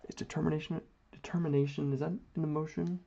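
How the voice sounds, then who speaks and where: Man, slow and gravelly, rambles in a mock-grand philosophical tone; dull lo-fi audio. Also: fairly high pitch, level tone, warm tone. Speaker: vlogger. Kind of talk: slow musing monologue while doodling.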